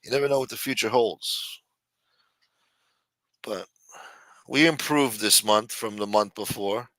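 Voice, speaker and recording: A man's voice: fairly low pitch, unhurried, fairly bright tone, no room sound. A man hosting a livestream, telling stories in a rambling, profane, casual way. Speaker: livestream host.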